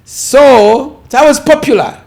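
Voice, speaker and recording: A man's voice: very high voice, a little slow, darkish tone. A man in his fifties with a Ugandan accent, a pastor telling his life story in an interview, rambling and repeating words for emphasis. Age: 50s.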